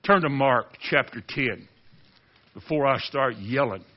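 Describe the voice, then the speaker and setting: A man preaching a sermon, reading scripture aloud and urging his congregation with passion, rising to near-shouting and dropping low. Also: expressive, a little slow, dull audio.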